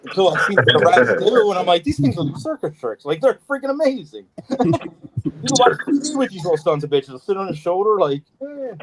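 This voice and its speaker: Lively, high-voiced storytelling man. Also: a little fast, crowd noise, rough recording. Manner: loose, profane storytelling with voiced asides. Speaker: podcast host, reptile breeder. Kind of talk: casual podcast chat.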